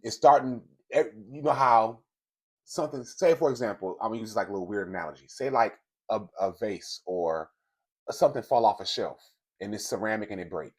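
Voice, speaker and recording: A man with a somewhat low, husky voice talks his viewers through a piece of celebrity drama. He speaks in a loose, conversational way, with plenty of swearing and blunt opinions along the way. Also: lively intonation, a little fast, darkish tone. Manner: blunt, profane, conversational storytelling. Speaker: commentary host. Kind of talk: casual celebrity gossip commentary.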